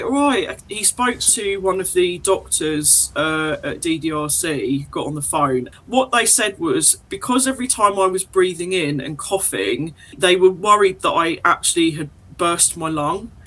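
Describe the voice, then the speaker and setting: A woman, a podcast guest, recounting a frightening experience in animated detail, acting out the dialogue as she goes. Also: on the low side, poor audio. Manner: animated, emotional retelling with quoted dialogue. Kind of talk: personal storytelling in an interview.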